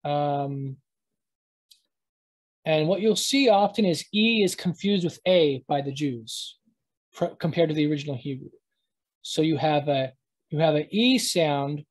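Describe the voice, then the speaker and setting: A teacher runs a live online lesson, speaking into a computer mic as they share their screen. The voice sits at medium pitch with a darkish tone, and the recording is rough. They speak haltingly, thinking aloud and frequently pausing to correct themselves.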